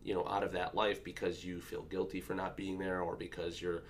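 A man's voice: low voice, flat delivery, a little hiss or hum. A man in his thirties, a father, chatting casually and reflectively about parenting, telling stories with frequent restarts. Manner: reflective, storytelling, halting restarts. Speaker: podcast co-host, father. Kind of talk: casual chat.

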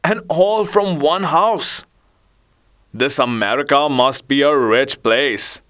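A man's voice: on the high side, slow. A man doing a cheerful, eager bandit. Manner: bright, cheerful.

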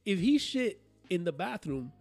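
High-voiced man arguing in casual chat. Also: a little slow, vocal fry, faint music behind. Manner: animated, argues his point, swears freely.

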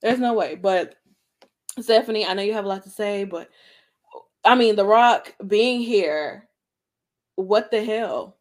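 A woman talks with big, emphatic energy, her voice rising on excited bursts and dropping on asides. Her pitch is middle for a woman. She sounds like a co-host in a casual chat show. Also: unhurried, pauses often. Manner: animated, emphatic, swings between loud and soft. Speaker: aftershow co-host.

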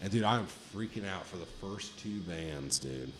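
A man co-hosting a podcast, telling a long story in casual chat, swearing often and jumping high in pitch when he quotes himself. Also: normal speed, slight background noise. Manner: profane, animated storytelling, pitch jumps high on quoted lines. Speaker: podcast co-host.

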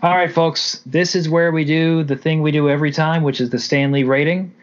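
A man co-hosting a podcast, recapping and reviewing a film in animated, casual chat with the odd swear word. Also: fairly high pitch, fairly quick. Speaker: podcast co-host. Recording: dull lo-fi audio.

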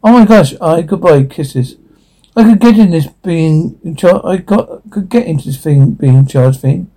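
A man's voice: on the high side, lively intonation, normal speed, dark tone, rough recording. A man reading a cartoon script aloud, switching between character voices, reading out the stage directions and stumbling into frequent restarts. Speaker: script reader.

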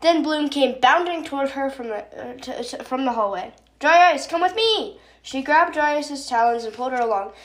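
A woman's voice: high-pitched, brisk, few pauses. A woman hosting a podcast, chatting casually and reading her own story aloud with fillers and self-corrections.

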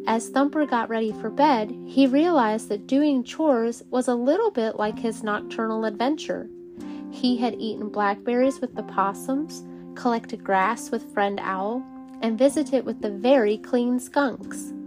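A woman reading a bedtime story aloud to children, gentle and calm. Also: fairly high pitch, measured pace, music in the background. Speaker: storybook reader.

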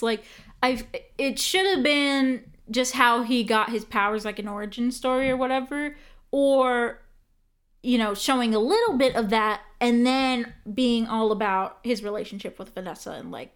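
A woman's voice: on the high side, a little slow, clear, resonant tone. A woman co-hosting a podcast, chatting casually about a film, laughing often and filling her talk with likes and you knows. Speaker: podcast co-host.

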